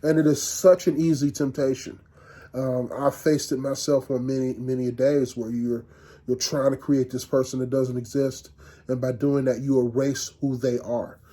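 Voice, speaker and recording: A middle-aged man giving a university lecture in a conversational, halting way, with frequent restarts and fillers. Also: medium pitch, flat delivery, dark tone.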